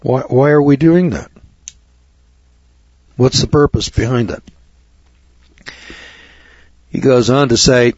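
A man's voice: medium pitch, slow pace, long pauses, a little mellow, dry recording. A man hosting a talk radio show, ranting through rhetorical questions and sarcastic asides to his listeners. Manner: sarcastic, addresses audience as kids. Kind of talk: radio monologue. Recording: dull lo-fi radio broadcast.

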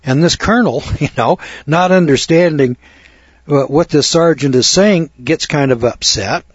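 Husky middle-aged guy rambling thru a folksy story, dull dry recording. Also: on the high side, moderate pace, no room sound. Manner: rambling, self-mocking, repeats words. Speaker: speaker addressing an audience.

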